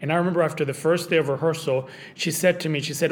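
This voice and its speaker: A man as an interview guest, speaking reflectively and haltingly with frequent restarts. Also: on the high side, fairly even intonation, a little hiss or hum. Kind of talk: conversational interview.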